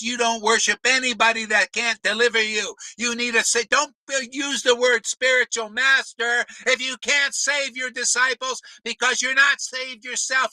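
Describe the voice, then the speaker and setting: A man preaching with fire, shouting in bursts, then dropping to a mutter, swearing often. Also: very high voice, no room sound, low-quality recording. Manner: swings from shouting to muttering, profane. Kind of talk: fiery devotional preaching.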